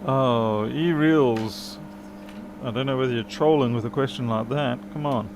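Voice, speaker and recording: An Australian repair streamer with a medium-pitched voice chats casually and dryly at a measured pace while he works, answering viewers' questions from the chat. The background is noisy.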